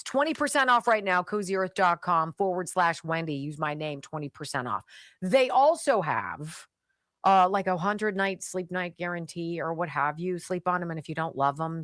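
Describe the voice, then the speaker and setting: A woman's voice: low-pitched, a bit bright, dry recording, studio quality. A woman radio talk show host reading sponsor ads live in a chatty, emphatic, jokey way.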